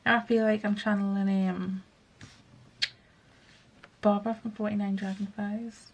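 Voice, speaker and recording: A woman's voice: mid-range voice, little pitch movement, measured pace, highs cut off, a little hiss or hum. A woman hosting a craft video, chatting and thinking aloud while she works. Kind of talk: casual craft narration.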